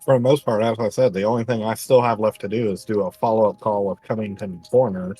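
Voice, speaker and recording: Husky, low-voiced male player. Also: fairly even intonation, dark tone, soft background music. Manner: halting, polite, many fillers. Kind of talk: playing a character in a tabletop game.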